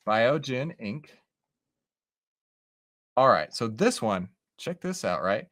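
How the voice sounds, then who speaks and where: Taking things slowly, a man with a medium-pitched voice runs a live stock-trading stream, discussing charts and engaging with chat in a casual way. The market commentary is lively and animated, with "right?" and "okay?" coming up again and again.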